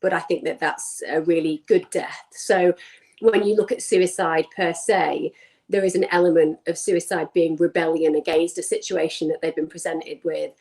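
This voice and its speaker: A woman with a fairly low voice answers as a psychologist guest. She speaks fluently and articulately, leaning on repeated words for emphasis. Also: steady tone, moderate pace, mellow, rough recording. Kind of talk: conversational interview.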